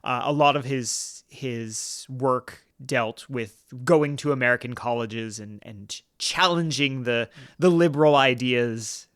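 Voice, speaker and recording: A man's voice: medium pitch, fairly bright tone, no room sound, studio quality. Earnest male political podcast host. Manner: earnest, halting, many restarts and fillers.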